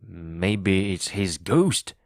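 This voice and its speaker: A jumpy, superstitious pirate who sounds afraid of ghosts, played by a man reading a storybook. He speaks anxiously, low and slow, in a dry, close recording. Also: expressive, creaky, no room sound, full character voice. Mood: fearful. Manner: fearful, anxious. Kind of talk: audiobook reading for learners.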